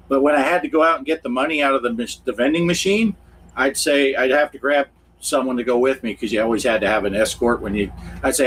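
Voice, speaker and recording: A man from Pennsylvania co-hosts a relaxed livestream, wandering from story to story and laughing along the way. His voice sits in an ordinary middle pitch. A faint hiss of stream noise runs underneath. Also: fairly quick, poor audio. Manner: rambling, chuckling storyteller. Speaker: co-host. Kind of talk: casual livestream chat.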